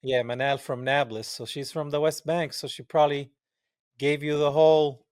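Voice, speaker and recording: A man from Palestine hosts a casual podcast interview with a fairly high voice. He talks in an emphatic, impassioned way and keeps adding rhetorical asides. His voice sounds dry and close, with no room echo. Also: little pitch movement, normal speed, a little mellow, smooth. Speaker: podcast host.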